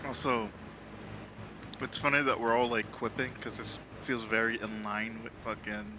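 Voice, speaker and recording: A man's voice: mid-range voice, level tone, normal speed, noisy background. A man chatting casually as a tabletop player on an online call, laid-back and swearing freely. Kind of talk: casual chat.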